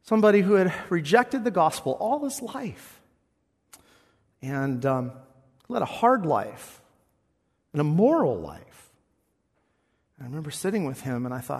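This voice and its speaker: Lively, husky-voiced male preacher. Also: a little high, a little slow, long pauses, long reverb tail. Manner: expressive preaching with wide swings between loud and hushed. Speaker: pastor. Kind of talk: sermon.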